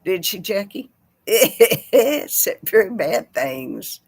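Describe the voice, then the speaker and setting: Brief: middle-aged woman host, chatty and rambling, lowish voice, dry close sound. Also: measured pace, a bit bright, dry recording. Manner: rambling, chatty, laughs easily. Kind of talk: casual livestream chat reading comments.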